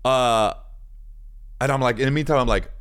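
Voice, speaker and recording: A man's voice: mid-range voice, moderate pace, fairly bright tone. A man, a comedian and podcast host, telling a rambling, self-mocking story in casual chat.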